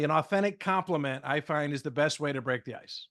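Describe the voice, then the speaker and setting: A middle-aged man telling lively stories in casual podcast chat, acting out the dialogue as a communication trainer. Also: on the high side, fairly quick. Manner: lively, acts out dialogue in stories, many fillers. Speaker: guest speaker and communication trainer.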